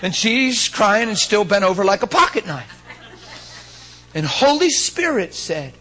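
A man's voice: high-pitched, a little slow, poor audio. Emphatic, emotional male preacher. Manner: emotional, emphatic, animated storyteller. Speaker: pastor. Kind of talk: sermon with storytelling.

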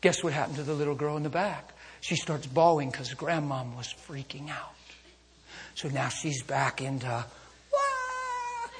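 A male preacher telling a story in a sermon to a congregation, moving between intimate hushes and fervent calls. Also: medium pitch, fairly even intonation, normal speed, slightly rough. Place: church service with a congregation. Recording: long hall reverb.

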